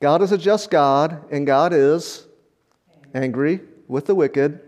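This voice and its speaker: Slow and a little high, with a darkish tone, this older man is a pastor delivering a sermon. He speaks conversationally, spinning stories, often repeating words and letting out chuckles.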